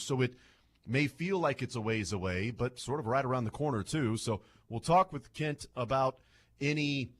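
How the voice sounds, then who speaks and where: A man hosting a sports radio show, chatty and playful as he jokes with his co-hosts. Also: fairly low pitch. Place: radio studio.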